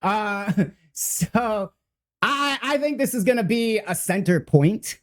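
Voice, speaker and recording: Guy streamer rambling through patch notes live, excitable, lots of uhs and restarts. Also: high-pitched, slow. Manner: swears casually. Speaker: game streamer.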